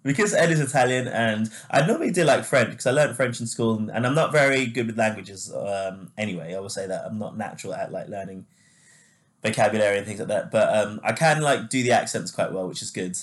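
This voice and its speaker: A man's voice: fairly low pitch, lively intonation, a little fast. A man co-hosting a casual chat podcast, talking loosely with lots of fillers and laughing easily. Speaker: podcast co-host.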